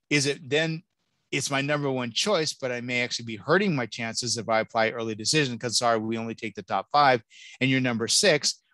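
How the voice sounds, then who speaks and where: A man giving an animated, joking college admissions talk and taking audience questions. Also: mid-range voice, no room sound. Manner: lively, jokey, exclamatory. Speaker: college admissions keynote speaker.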